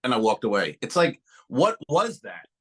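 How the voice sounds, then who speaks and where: A man's voice: mid-range voice, wildly swooping pitch, moderate pace, fairly bright tone, slightly rough, rough recording. A man co-hosting a comedy podcast, telling a story in casual chat, acting out both sides of a quoted exchange and swearing freely. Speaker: podcast co-host.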